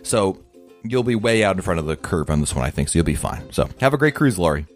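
A man's voice: low voice, very animated, fast, soft background music. A man hosting a podcast, reading listener emails and answering them in an upbeat, chatty way. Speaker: podcast host.

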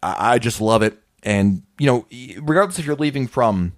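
A man's voice: mid-range voice, expressive, moderate pace, no room sound, clean studio sound. A man in his thirties hosting a casual solo podcast, chatty and self-deprecating as he tells stories. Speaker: podcast host.

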